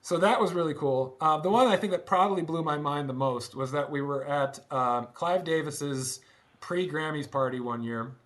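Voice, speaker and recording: A middle-aged man with a slightly high voice tells stories to an interviewer. He talks casually and with energy, laughs easily, and often stops to restart a sentence. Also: normal speed. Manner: animated, laughs often, restarts and stumbles while recounting. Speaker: guest, former band drummer. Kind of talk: casual conversational storytelling.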